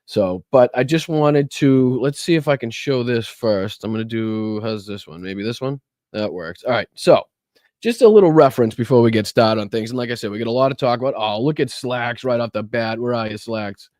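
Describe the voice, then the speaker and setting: A man's voice: medium pitch, normal speed, a little mellow, no room sound, clean studio sound. A man with a Boston accent, congested from a chest cold, hosting a casual political live stream in a loose, profane way and greeting viewers by name. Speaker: podcast and live stream host.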